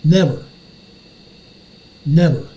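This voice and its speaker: A man's voice: fairly high pitch, very animated, drawn-out words, dark tone, poor audio. An older man hosting a commentary show, ranting furiously and repeating his phrases for emphasis. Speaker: show host.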